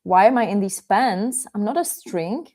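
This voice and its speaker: A woman's voice: mid-range voice, expressive, normal speed, a little mellow, lightly acted. A woman voicing a flustered female earthworm, indignant at being used as thread, in a bedtime story.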